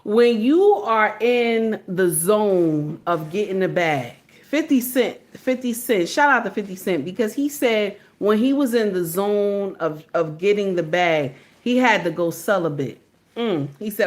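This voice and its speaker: A woman's voice: medium pitch, unhurried. Female reaction commentator, emphatic and repetitive, mid-range voice. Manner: emphatic, repeats points, says "okay?" and "baby".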